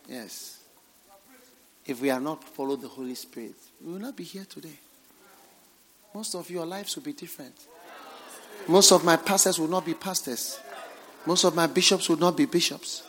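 A man preaching a sermon with dramatic swings from hushed, nearly whispered phrases to loud, emphatic exhortation. His voice sits somewhat high for a man. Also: normal speed, long pauses, in a large hall.

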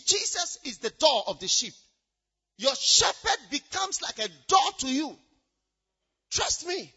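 Woman preacher, sermon, high and lively, bright husky tone, emphatic and repetitive. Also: measured pace, pauses often, lo-fi sound. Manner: emphatic, repetitive, alternating shouts and hushed asides.

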